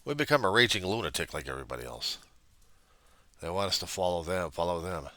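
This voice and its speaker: A man with a very low voice and a forceful, pushing tone, talking straight to a reverend in his video diary. He rambles and runs himself down, drifting from near-murmured reflection into sudden raised bursts. The sound is dry and close, with no room around it. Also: lively intonation, fast, no echo. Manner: rambling, self-deprecating, swings from quiet musing to loud outbursts. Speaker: video diarist addressing a reverend. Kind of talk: personal video diary monologue.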